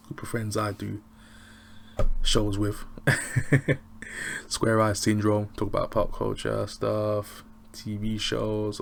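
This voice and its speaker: A man's voice: on the low side, creaky, fairly bright tone, a little hiss or hum. A man chatting casually as he reviews a TV episode, slangy and rambling with frequent chuckles. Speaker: TV review vlogger.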